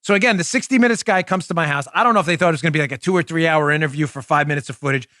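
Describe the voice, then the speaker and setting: High-pitched emphatic male podcast host. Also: a bit bright, dry recording, studio quality. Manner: emphatic, sarcastic, puts on voices for others. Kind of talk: animated political commentary.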